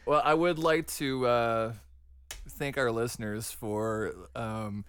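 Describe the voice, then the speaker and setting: Slow, hesitant male podcast co-host. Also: medium pitch, fairly even intonation, fairly bright tone, smooth. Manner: hesitant, filler-heavy, giggly. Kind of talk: casual podcast banter.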